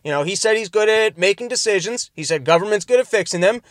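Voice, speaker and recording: High-voiced man ranting sarcastically. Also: lively intonation, quick pace, dry recording, studio quality. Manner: rambling, sarcastic, self-interrupting. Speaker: podcast host. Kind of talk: casual comedic commentary. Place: in his car.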